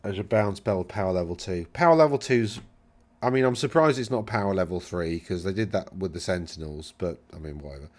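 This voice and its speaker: Male host, lower register, casual rambling rules chat, wry and dismissive. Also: brisk. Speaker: channel host reviewing game rules.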